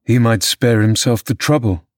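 A man reading an audiobook, voicing a brooding, vengeful young man who talks in a cold, growling, deliberate way. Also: mid-range voice, dry recording, studio quality, lightly acted. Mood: menacing.

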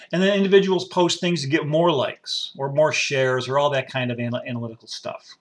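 A man's voice: mid-range voice, steady tone, a little fast, few pauses. A man hosting a podcast, musing aloud in a rambling personal monologue with frequent restarts. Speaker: podcast host. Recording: faint music behind.

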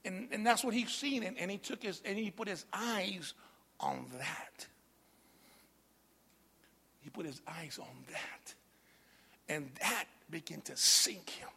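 A man preaches a sermon in a strikingly high voice with a gravelly edge and a husky grain. His tone is bright and forceful, and he swings from hushed asides to shouted appeals, calling on the congregation to answer. His voice rings out in a long, echoing hall. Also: measured pace, long pauses. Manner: calls and responses to the congregation, building to shouts.

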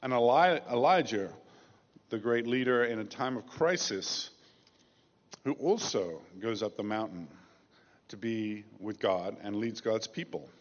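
A man preaching a sermon as pastor, measured and emphatic, slowing down to stress key phrases. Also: mid-range voice, lively intonation. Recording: dull lo-fi sound with long reverb.

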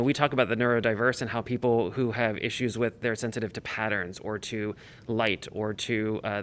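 A man's voice: fairly low pitch, fairly bright tone. A man co-hosting an interview, thinking aloud in a reflective way. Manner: reflective, with fillers like "you know". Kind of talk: conversational interview.

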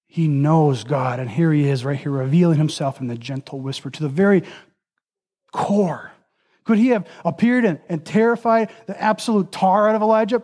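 A man preaches a sermon in a voice that sits high and moves briskly. He builds long, repeated lists of phrases and drops into a soft, near-whispered voice for emphasis.

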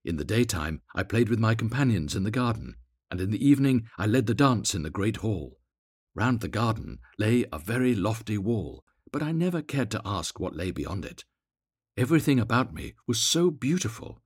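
A man voicing a sorrowful statue of a prince, speaking in a low, musical, grave way in a storybook reading. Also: sing-song, normal speed, husky, no echo, clean studio sound.

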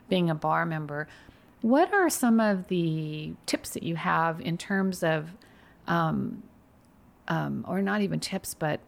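A woman hosting a podcast interview, asking her guest curious questions at a quick clip. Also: on the low side, creaky. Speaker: podcast host.

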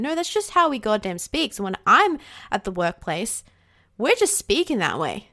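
A woman's voice: fairly high pitch, very animated, moderate pace, pushed and bright. An Australian woman hosting a casual solo podcast, bubbly and outspoken, swearing freely, with rising inflections at the ends of her sentences. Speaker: podcast host.

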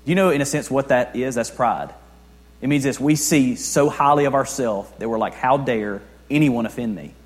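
A man's voice: mid-range voice, moderate pace. Young male pastor preaching in a reverberant hall. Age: young adult. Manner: conversational preaching with rhetorical questions, swings between soft and loud. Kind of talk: sermon. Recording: long reverb of a large hall.

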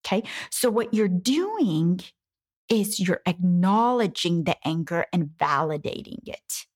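A woman's voice: fairly low pitch, lively intonation, unhurried, a little mellow. A woman coaching parents in an emphatic advice talk, acting out quoted voices now and then.

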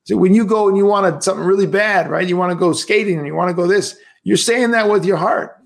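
Emphatic priest giving a casual lecture. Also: male voice, sits high, fast, creaky. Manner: conversational and emphatic, with rhetorical questions. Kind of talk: livestreamed spiritual lecture.

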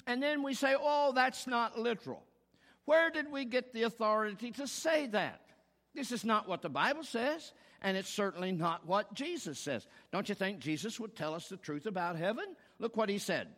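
A man's voice: high-pitched, expressive, moderate pace, fairly bright tone. A man preaching a sermon as pastor, telling a joke and then making emphatic rhetorical points. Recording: long hall reverb.

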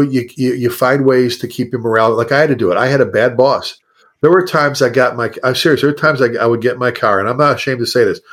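A fire chief in his element, talking straight to the listener in an animated, repetitive way. This man's voice sits at an ordinary middle pitch. He gives frank advice in a plain, conversational interview manner. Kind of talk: podcast interview talk.

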